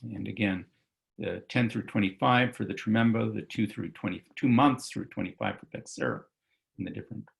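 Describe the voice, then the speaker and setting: Man with a gravelly voice giving a slide lecture. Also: fairly low pitch, lively intonation, a little fast. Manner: loose and conversational, with many fillers and self-corrections. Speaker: physician lecturer. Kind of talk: online medical lecture with slides.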